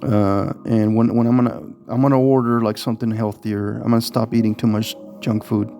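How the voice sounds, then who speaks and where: A man's voice: on the low side, flat delivery, brisk, mellow, faint music behind. A man talking casually to camera in a rambling vlog, with lots of fillers and restarts. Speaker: vlogger.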